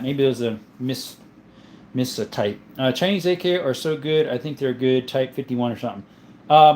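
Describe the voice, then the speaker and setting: A man's voice: medium pitch, darkish tone, slight background noise. Friendly man chatting on a livestream. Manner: friendly, answers viewer questions about his gun collection; often says "my friend" and "mate". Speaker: livestream host reading chat. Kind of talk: casual livestream chat.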